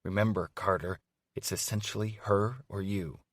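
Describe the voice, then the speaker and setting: Deep-voiced male audiobook narrator. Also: fairly even intonation, normal speed, a bit bright, no room sound, clean studio sound. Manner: wry, conversational storytelling. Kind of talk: first-person romance audiobook narration. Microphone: studio microphone.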